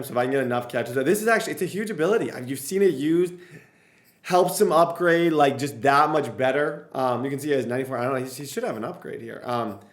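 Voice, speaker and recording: Excitable young man narrating gameplay. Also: mid-range voice. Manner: excitable, cheers at plays, repeats himself. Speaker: gaming YouTuber. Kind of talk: casual gameplay commentary. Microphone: desk mic, no face cam.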